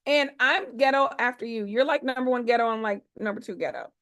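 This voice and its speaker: A woman in her forties hosts an online event over a video call, with a fairly high voice. She talks in a playful, slangy, chatty way and keeps hyping up her audience. She sounds like she is speaking into a home computer. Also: fairly quick, a bit bright. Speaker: host of an online expo. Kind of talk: lively motivational hosting on a video call.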